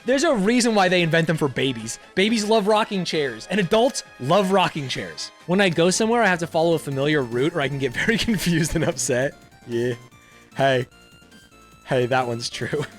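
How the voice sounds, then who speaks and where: A man's voice: on the high side, fairly quick, soft background music. A young man who makes online videos, reading quiz questions aloud in casual commentary, swearing freely and laughing often. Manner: animated, profane, laughs often. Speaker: YouTuber.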